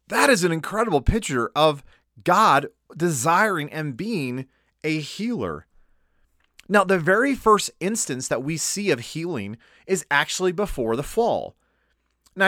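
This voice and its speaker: A man preaching a sermon, explaining scripture and slowing down to stress key words. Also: on the high side, a bit bright, dry recording, clean studio sound. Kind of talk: sermon teaching.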